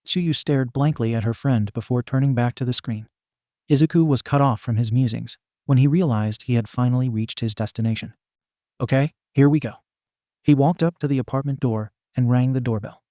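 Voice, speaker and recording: A man narrates a fan fiction story aloud in a steady, even delivery with a mid-range voice. The recording is clean studio sound with no room sound.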